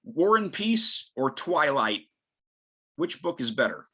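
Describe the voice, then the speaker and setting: A male English teacher giving a conference talk, emphatic and lively, firing off rhetorical questions. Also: fairly high pitch, takes it slowly, husky. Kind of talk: conference presentation.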